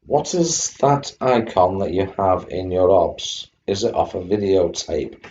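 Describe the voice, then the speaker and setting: A man's voice: deep voice, lively intonation, a little slow, a little mellow. A man live-streaming retro computer games, chatting to viewers and fighting off a coughing fit. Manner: chatty, greets chat viewers by name. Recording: dull lo-fi stream audio with faint hum.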